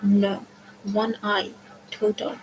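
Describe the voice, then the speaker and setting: A woman's voice: medium pitch, completely flat delivery, takes it slowly, a little hiss or hum, natural voice, low-quality recording. A woman reading aloud, voicing the quoted lines of an alarmed teenage boy.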